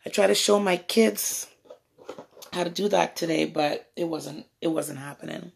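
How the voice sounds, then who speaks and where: A woman's voice: fairly low pitch, unhurried, vocal fry, slight background noise. A woman vlogger chatting playfully to her viewers on a live stream from a phone at home. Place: at home indoors. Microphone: phone propped up on a table.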